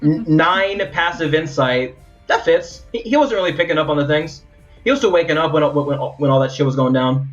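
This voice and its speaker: A man narrating as game master of a tabletop game in a relaxed, conversational way. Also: fairly high pitch, moderate pace, dull audio, faint music behind.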